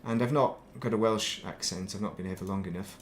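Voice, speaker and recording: A middle-aged man with a softened northern English accent, chatting casually and rambling while streaming a game. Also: on the low side, steady tone, a little fast, a little hiss or hum. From northern England. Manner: rambling, thinks aloud, laughs at himself. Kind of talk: casual chat while playing.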